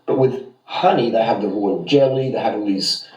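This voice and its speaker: A man's voice: lowish voice, moderate pace, darkish tone. Sarcastic man, distant and roomy. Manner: sarcastic, mocking. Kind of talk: ranting monologue from a played clip. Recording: roomy, distant audio from a played clip.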